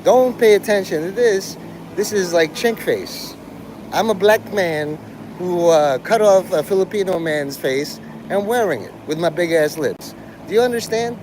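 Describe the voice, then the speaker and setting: A man's voice: high-pitched, unhurried, background noise. A man streaming live and talking with his chat in a provocative, profane, rambling way. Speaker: livestreamer. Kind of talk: casual livestream chat with viewers.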